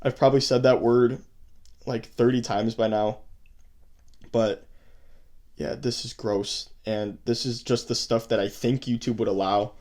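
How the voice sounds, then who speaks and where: A man's voice: mid-range voice, fairly even intonation, a little slow, long pauses, a little mellow. A man hosting a video, angrily commenting on chat messages he reads out, swearing and sounding disgusted. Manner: profane, disgusted, heated. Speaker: host. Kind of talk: angry commentary reading chat logs.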